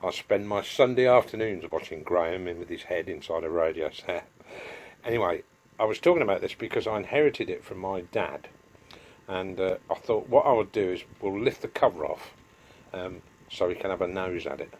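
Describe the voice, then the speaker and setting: A man's voice: sits low, lively intonation, moderate pace. A middle-aged man, chatting casually in a home workshop vlog and going off on homely asides. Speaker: DIY vlogger.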